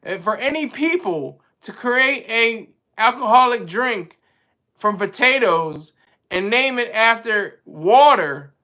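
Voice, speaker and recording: High, bright-voiced rambling man. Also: animated, slow. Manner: rambling and opinionated, searching for words mid-sentence. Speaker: live-stream host answering chat. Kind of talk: casual monologue.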